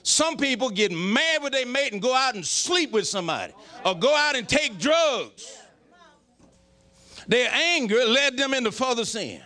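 A pastor preaching a folksy, joking sermon. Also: male voice, extremely high pitch, very animated, measured pace, bright, forceful tone.

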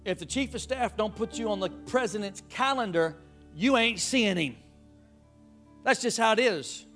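A man preaching a sermon, emphatic and animated, calling out to the congregation. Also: high voice, moderate pace, soft background music. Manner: emphatic, call-and-response, animated.

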